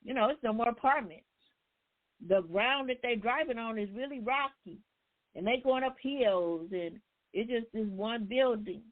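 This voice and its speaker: A woman's voice: on the high side, normal speed. A woman hosting a book discussion, casually retelling a story in with loose, conversational phrasing. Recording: tinny phone line.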